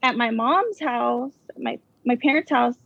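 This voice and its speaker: A woman with a fairly high, fry-tinged voice recounts a ghost story, stopping and restarting with plenty of fillers. The sound is dull and lo-fi, with a close, dry room. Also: expressive, dry recording. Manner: halting, filler-heavy, nervous laughs. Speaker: caller telling a ghost story. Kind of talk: casual storytelling.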